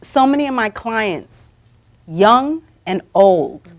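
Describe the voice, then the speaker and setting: A woman hosting a live talk show, coaching her guests to say affirmations out loud. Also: on the high side, very animated, takes it slowly. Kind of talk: motivational talk show chat. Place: studio or room, streamed live.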